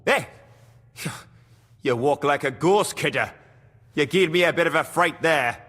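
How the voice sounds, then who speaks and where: An actor playing a gruff, grieving middle-aged mine foreman in a video game, speaking. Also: on the high side, unhurried, a bit bright, in a large hall. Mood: startled. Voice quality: broad dialect, earthy and blunt.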